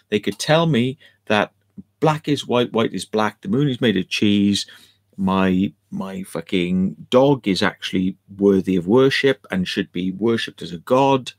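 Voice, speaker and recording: A man rambling sardonically to camera, swearing freely as he goes. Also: on the low side. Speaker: video host. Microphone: camera mic.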